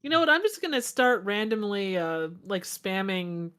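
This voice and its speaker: A woman's voice: medium pitch, sing-song, normal speed, fairly bright tone, clean tone. A woman moderating a livestream, reading viewer comments aloud, laughing and apologizing in casual chat. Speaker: stream moderator.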